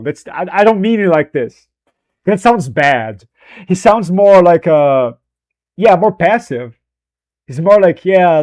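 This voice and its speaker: Male streamer, fairly high voice, rambling casual chat, frequent self-corrections. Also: darkish tone.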